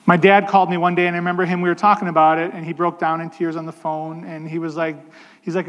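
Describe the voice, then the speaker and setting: A pastor with a fairly high voice preaches a sermon in a relaxed, conversational style, slowing down to stress key points. A long reverb makes his voice ring through the hall.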